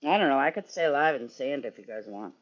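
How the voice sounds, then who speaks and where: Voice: mid-range voice, expressive, fast, lo-fi sound. A sleepy, yawning streamer rambling and swearing in casual chat with viewers while working in a garage. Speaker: livestreamer.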